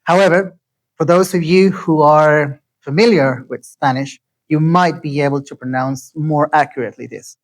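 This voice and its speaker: Man teaching pronunciation slowly. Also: fairly high pitch, low-quality recording. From Mexico City. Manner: slow, deliberate, repeats words to teach pronunciation. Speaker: lecturer. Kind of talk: lecture.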